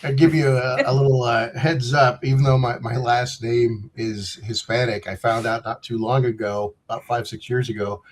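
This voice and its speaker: A man's voice: mid-range voice, steady tone, normal speed, hardly any pauses. Man in his fifties, loose and digressive, chatting over a video call. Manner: rambling, joking, digressive. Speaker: game designer guest. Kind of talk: casual interview chat.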